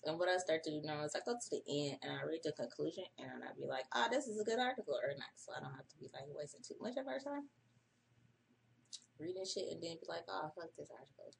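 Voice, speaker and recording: Woman, low voice, gravelly, casual livestream host, profane, chatty, reads aloud with asides. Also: lively intonation, fast, a little hiss or hum. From United States. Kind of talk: casual early-morning livestream.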